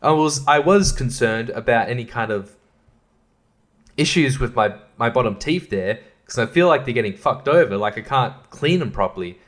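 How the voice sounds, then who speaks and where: A man's voice: mid-range voice, expressive, normal speed. An Australian man in his thirties ranting profanely and exasperatedly as a solo podcast host, laughing at his own complaints. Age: 30s.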